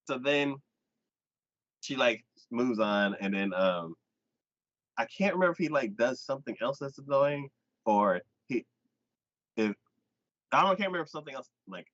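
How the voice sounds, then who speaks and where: A man hosts a casual anime chat, retelling an episode with a lively, swooping voice and quick voiced asides. The sound is dry and close, with a slightly dull, lo-fi quality. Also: on the low side, no room sound. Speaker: anime podcast host.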